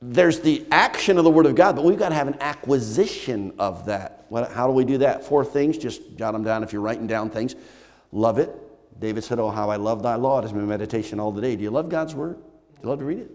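A man's voice: medium pitch, moderate pace. A man preaching a sermon as pastor, emphatic and repetitive, firing rhetorical questions at the congregation. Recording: long church hall reverb.

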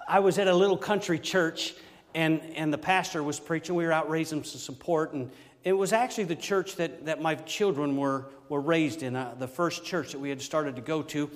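Folksy preacher in an echoey church. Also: male voice, a little high, normal speed. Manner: folksy, animated, exclaiming. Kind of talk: storytelling sermon.

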